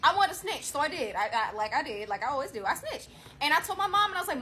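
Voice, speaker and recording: High, bright-voiced woman telling a story. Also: quick pace, a little hiss or hum. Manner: animated, blunt, profane. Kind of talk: casual storytime monologue.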